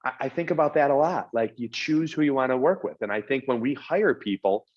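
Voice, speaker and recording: A man speaking at an ordinary pitch for a man, as a guest on a podcast. He talks earnestly in a casual chat and keeps stumbling over the first words of his sentences. The audio sounds a little dull and lo-fi. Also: animated, brisk. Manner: earnest, repeats words when starting sentences. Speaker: podcast guest, real estate executive.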